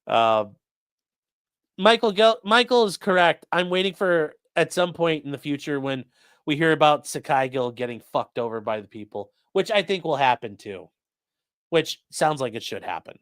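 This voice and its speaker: Male streamer, lively bright voice, rambling and profane, dry close mic. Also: a little high, normal speed, no room sound. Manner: rambling, swears, lots of fillers. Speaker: streamer reading chat. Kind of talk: casual live-stream chat.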